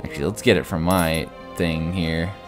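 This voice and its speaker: A man with a fairly low voice chats loosely as he plays, stringing thoughts together with lots of "like". He breaks into sudden loud exclamations, with soft game music under him. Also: fairly even intonation, moderate pace. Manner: rambling, many "like"s, sudden exclamations. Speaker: gaming video host. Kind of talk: casual gameplay commentary.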